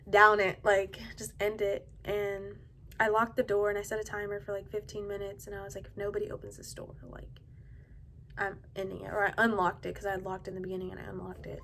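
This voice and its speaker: A woman telling a personal story in a casual vlog, soft-spoken and rambling, with lots of "like" and a hushed delivery. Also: medium pitch, monotone, a little fast, a little hiss or hum. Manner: often drops to a hushed, quiet delivery. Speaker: vlogger telling her own story.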